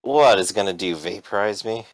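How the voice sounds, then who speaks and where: A man's voice: on the low side, expressive, a little fast, no room sound, poor audio. A man doing a nervous, cocky young thug.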